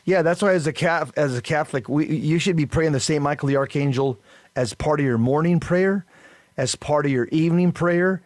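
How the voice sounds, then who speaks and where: Halting male radio host, dry sound. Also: on the high side, darkish tone, dry recording. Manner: halting storyteller with many fillers and restarts. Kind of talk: casual storytelling on Catholic radio.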